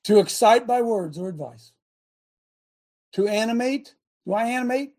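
A woman hosting a talk show, talking in an emphatic, rambling way, breaking off her own sentences and bursting into shouts. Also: a little high, animated, normal speed, long pauses. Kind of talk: animated talk show monologue.

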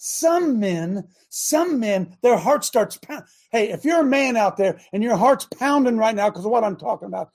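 An older man hosting a show, preaching a fiery rant that swings between yelling and low muttering. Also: lively intonation, normal speed, few pauses. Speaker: host and preacher.

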